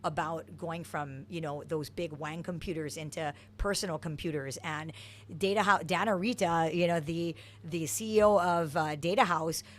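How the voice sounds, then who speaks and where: A woman's voice: low voice, normal speed, slight background noise. A middle-aged woman from Hawaii, a soccer coach, telling stories from her past with lots of energy in an interview. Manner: energetic, animated storyteller. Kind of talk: interview storytelling.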